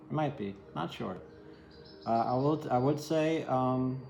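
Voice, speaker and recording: A man's voice: mid-range voice, lively intonation, measured pace, creaky, roomy sound, noisy background. A man giving a casual, rambling tarot reading, candid and sometimes swearing. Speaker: tarot reader.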